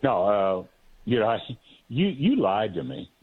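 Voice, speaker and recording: A man's voice: lowish voice, very animated, unhurried, breathy edge, no echo, phone-quality sound. A man co-hosting a talk radio show, teasing and bantering with the host.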